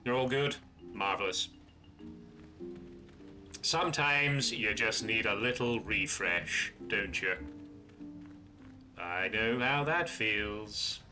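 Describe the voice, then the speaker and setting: A man's voice: fairly low pitch, slow pace, long pauses, music in the background. Chatty man streaming a game. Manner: casual, chatty, joking. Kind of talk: live gameplay commentary.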